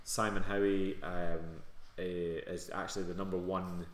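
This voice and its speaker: A man's voice: sits low, flat delivery, a little slow. A Scottish man co-hosting a live fitness Q&A, reading out viewer comments in an easygoing way. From Scotland. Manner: reads out viewer comments, easygoing, laughs often. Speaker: fitness coach co-host. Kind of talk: live-stream Q&A chat. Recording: echoey room.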